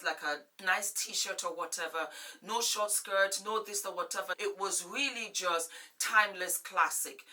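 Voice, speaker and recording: Blunt forties lady vlogging advice, super bright sharp voice, kinda far from the mic. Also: medium pitch. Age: 40s. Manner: emphatic, blunt, preachy. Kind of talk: frank relationship advice to camera.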